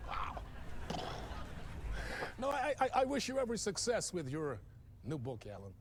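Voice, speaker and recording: A lively talk show host. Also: male voice, high-pitched, moderate pace, background noise, exaggerated voice. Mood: probing. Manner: lively, probing interviewer patter. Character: smooth adult male talk show host.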